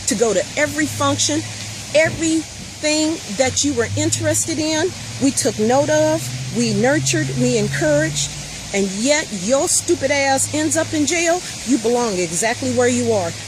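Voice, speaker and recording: A woman's voice: sits high, unhurried. A woman, a mother, in an impassioned rant, blunt, profane and emphatic, talking inside a vehicle. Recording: steady vehicle noise behind.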